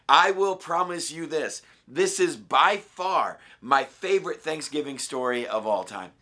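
A man with a raspy voice, a pastor giving a short daily devotional, reading scripture and talking earnestly and conversationally. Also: mid-range voice, lively intonation, normal speed, hardly any pauses, bright, forceful tone. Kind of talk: daily devotional Bible study.

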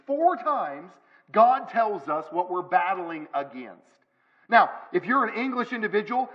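A man's voice: high-pitched, sing-song, normal speed, muffled recording. A male pastor preaching a sermon in a church, emphatic, with repeated phrases. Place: church sanctuary.

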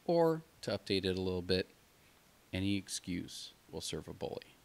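Low-voiced man reading a bedtime story. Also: big pitch swings, moderate pace, creaky. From United States.

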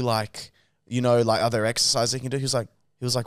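Young Australian man, joking podcast co-host, mid pitch, dry close sound. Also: level tone, fast, dry recording. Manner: joking, teasing. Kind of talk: casual chat.

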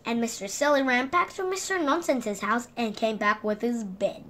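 A woman reading a picture book aloud to children in an animated way, asking the listener questions along the way. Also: a little high, moderate pace, a little hiss or hum. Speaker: children's story reader.

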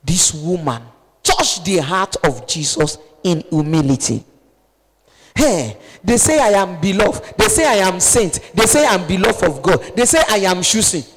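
A woman's voice: on the low side, sing-song, measured pace, slight background noise. Impassioned Nigerian woman preaching in a reverberant hall. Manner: impassioned, pleading, swings from loud exhortation to hushed appeals. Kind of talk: sermon.

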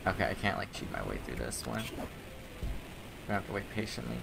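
Gravelly young man swearing at a game. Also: low voice, very animated, a little fast, background noise. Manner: frustrated, swearing, self-mocking. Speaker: gaming channel host. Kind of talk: casual let's-play commentary. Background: game music.

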